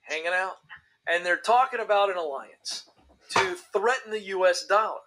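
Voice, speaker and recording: High, bright, sarcastic male show host. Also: normal speed, rough recording. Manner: sarcastic and theatrical. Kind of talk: comic news commentary.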